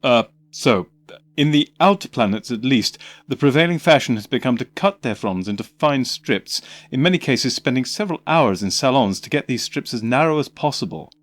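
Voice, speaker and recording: A male audiobook narrator voicing an eccentric alien time traveller who explains in a hurried, hesitant, over-eager way, lifting his pitch above his usual voice. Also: lively intonation, lightly acted. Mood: flustered.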